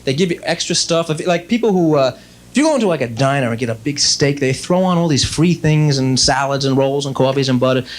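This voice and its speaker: A man's voice: medium pitch, expressive, fairly quick. A man doing stand-up comedy, chatty and rambling, talking straight to the audience and slipping into exasperated mock dialogue.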